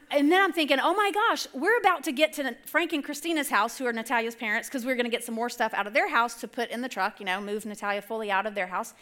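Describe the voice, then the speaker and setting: Middle-aged woman speaker, high bright voice, chatty sermon storytelling from the stage. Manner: chatty, rambling, self-correcting. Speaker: church speaker. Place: church stage.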